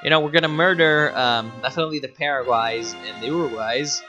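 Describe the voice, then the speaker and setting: A man giving casual, profane, excitable commentary while livestreaming a strategy game, often laughing. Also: medium pitch, fairly quick. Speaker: streamer. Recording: dull lo-fi mic with faint music.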